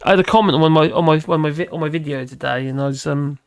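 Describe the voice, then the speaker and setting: A man's voice: fairly high pitch, fast talker, clean tone, no room sound, studio quality. A man hosting a casual livestream, rambling and humming to himself while he looks for things. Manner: rambling, hums while searching. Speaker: livestream host.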